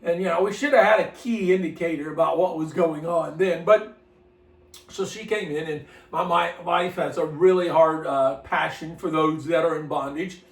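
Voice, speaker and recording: A minister tells a story in a loose, folksy way, circling back and repeating himself. His voice sits high for a man. He sounds a little distant from the mic, in a room that echoes. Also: moderate pace. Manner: folksy, rambling, repeats words. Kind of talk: casual storytelling to camera.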